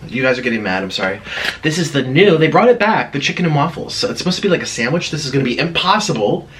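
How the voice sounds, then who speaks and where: A man's voice: mid-range voice, big pitch swings, fast talker, fairly bright tone, a little hiss or hum. A man hosting an eating vlog, chatting through a dramatic story between mouthfuls. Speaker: vlogger.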